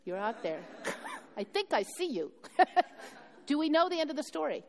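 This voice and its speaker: A woman's voice: sits high, big pitch swings, unhurried. A woman pastor delivering a sermon, retelling a story with acted dialogue and questions to her congregation. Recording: long hall reverb.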